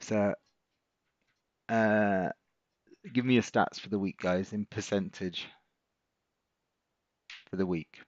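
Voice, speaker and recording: A man's voice: lowish voice, fairly even intonation, slow pace, long pauses, dry recording, lo-fi sound. A middle-aged man, hosting a live stream as a trading coach, chatting casually and encouraging viewers as he reads out their comments.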